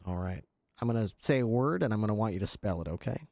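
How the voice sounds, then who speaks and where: A man's voice: fairly low pitch, animated, quick pace, gravelly, a little mellow. A man improvising an interviewer in a game role-play, dry and mock-formal in his questioning.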